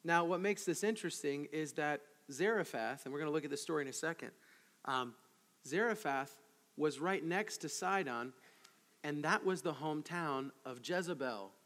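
A man preaching an expository sermon as pastor, conversational and animated, with frequent asides to the congregation. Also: on the high side, moderate pace, long reverb tail.

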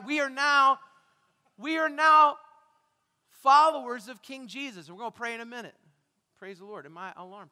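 A man preaching a sermon to his congregation on a stage microphone, quizzing them and breaking into dramatic shouts. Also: extremely high pitch. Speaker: pastor. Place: church sanctuary. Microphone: handheld or stage microphone. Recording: church hall reverb.

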